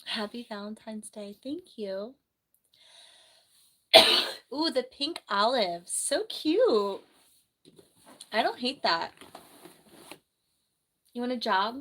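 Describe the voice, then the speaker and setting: Young woman from New Jersey, nurse and stream host, rambling and chatty, slightly hoarse with the flu. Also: fairly high pitch, sing-song, takes it slowly, pauses often, a bit bright. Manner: rambling, chatty, reads viewer comments aloud. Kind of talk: casual livestream chat. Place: bedroom at home.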